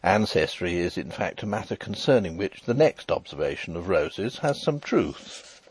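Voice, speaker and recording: A man narrating a classic novel as an audiobook, wry and expressive in his storytelling. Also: low voice, moderate pace, husky, dry recording. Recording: dry close recording.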